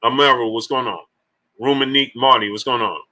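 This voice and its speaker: A man hosting a boxing live stream in a loose, joking chat style, shouting out viewers by name and urging them to like the video. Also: medium pitch, brisk, poor audio. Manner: loose, laughing, joking banter. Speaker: boxing livestream host.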